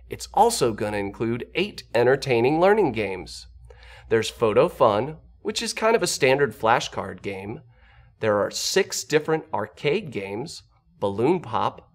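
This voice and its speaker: Following a script, a man who works as a speech-language pathologist guides listeners through a product step by step in a steady, instructional manner, his voice at a normal mid-range pitch.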